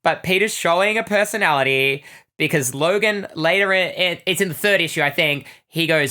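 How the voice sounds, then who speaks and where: Bright-voiced woman recapping comics. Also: fairly low pitch, normal speed. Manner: enthusiastic, rambling recaps with many "like"s. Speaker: podcast co-host. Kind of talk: casual comic-book podcast chat.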